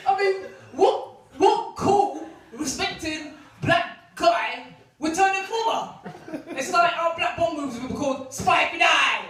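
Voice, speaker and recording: A woman delivers a stand-up set with a brash, mocking, punchy edge, her voice sitting high. The sound is echoey, caught from well back in a comedy club, with the room ringing around her. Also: lively intonation, slow, a bit bright. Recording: echoey club recorded from far off. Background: audience laughter.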